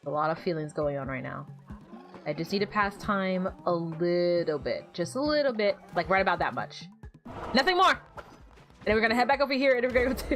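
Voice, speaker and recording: A woman streaming a game with wry, joking commentary. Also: on the low side. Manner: wry, joking, sings silly bits. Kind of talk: casual gameplay commentary.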